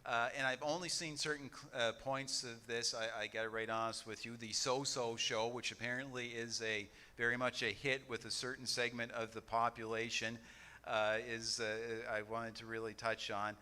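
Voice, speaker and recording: A man chairing a church business meeting, speaking haltingly with many fillers and restarts. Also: medium pitch, level tone, pushed and bright.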